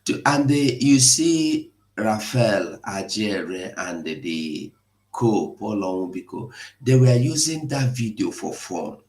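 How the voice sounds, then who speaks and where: A man hosting an impassioned live broadcast, pleading and emotional, at times rising to shouts. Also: fairly low pitch, sing-song, slow. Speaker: online broadcast host. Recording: echoey room.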